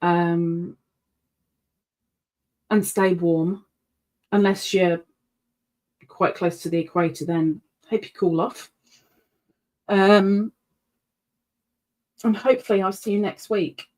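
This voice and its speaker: A woman's voice: on the low side, fairly even intonation, slow pace, long pauses, darkish tone. A woman hosting a live stream at home, chatting casually and rambling with frequent ums. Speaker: livestream host. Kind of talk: casual chat with live viewers.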